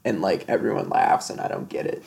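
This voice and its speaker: A man's voice: a little fast, a little mellow. A man co-hosting a casual music podcast, rambling through his thoughts and filling them with "like". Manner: rambling, heavy use of "like". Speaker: podcast co-host. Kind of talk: casual chat about music.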